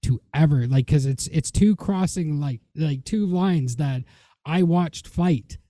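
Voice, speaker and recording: Give me a young male podcast host, chatty, with a very warm dark voice. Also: on the high side, slow, dry recording. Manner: conversational, filler-heavy. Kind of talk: casual interview chat.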